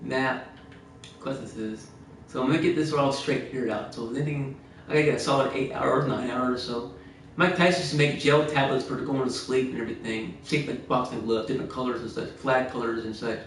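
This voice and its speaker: A man's voice: mid-range voice, steady tone, brisk, a little hiss or hum. Rambling man in an echoey room. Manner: meandering storyteller who laughs a lot and restarts phrases. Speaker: game livestreamer. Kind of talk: rambling anecdotal chat. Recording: very echoey room, distant mic.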